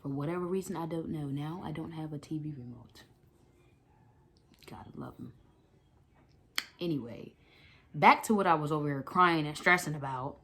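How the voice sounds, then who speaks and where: Slangy, animated young woman storyteller. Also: sits low, normal speed, pauses often. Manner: animated, slangy and dramatic, with side remarks. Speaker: vlogger. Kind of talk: casual storytime vlog.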